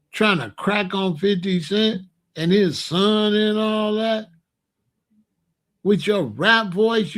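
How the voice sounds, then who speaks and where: A young man giving a ranting commentary, incredulous and exasperated as he scolds and asks questions. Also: high-pitched.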